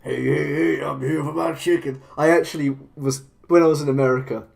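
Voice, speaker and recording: A man's voice: on the high side, steady tone, brisk, gravelly, a little mellow. An English man chatting casually on a live stream while making clay models. He rambles and laughs often. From England. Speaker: claymation streamer.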